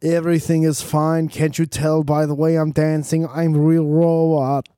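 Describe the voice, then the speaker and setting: A man voicing a defensive robot that is really a man in a costume, with a loud, stiff, slowed, mock-robotic delivery. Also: a little high, flat delivery, clean tone, dry recording, clean studio sound, lightly acted.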